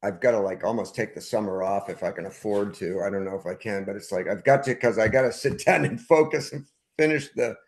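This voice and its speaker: An older man with a fairly low voice chats loosely as a podcast guest. He rambles, restarts and trails off, circling back to the same point. He speaks from home over a remote call. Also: a little fast, slight background noise. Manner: rambling, self-interrupting, trails off. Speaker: punk band frontman, guest. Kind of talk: casual conversation. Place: at home, dog nearby.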